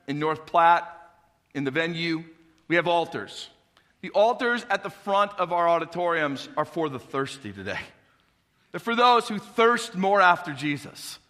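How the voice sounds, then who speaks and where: A man's voice: high-pitched, bright, forceful tone, in a large hall. A male pastor preaching a fervent sermon in a church auditorium, asking the congregation questions. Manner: preaching with rising fervor and call-and-response questions.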